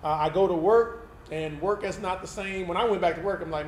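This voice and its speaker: Male pastor, fairly high voice, conversational testimony sermon, roomy hall with a faint hiss underneath. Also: brisk, few pauses. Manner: candid, conversational, tag questions like "right?". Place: event hall used for Sunday service.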